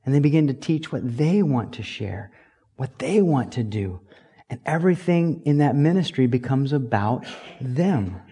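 A pastor giving a conversational sermon, repeating key phrases for emphasis. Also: male voice, medium pitch, animated, normal speed, warm tone, slightly rough.

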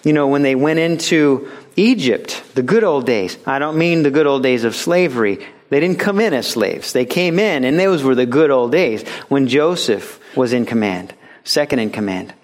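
A man's voice: medium pitch, animated, moderate pace. A middle-aged man preaching a sermon as a pastor, talking conversationally and stressing points emphatically.

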